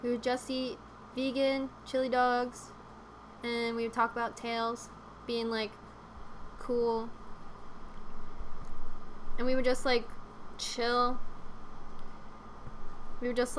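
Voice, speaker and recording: Young woman, live stream chat, rambling, giggly, high-ish voice, faint background noise. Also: fairly bright tone.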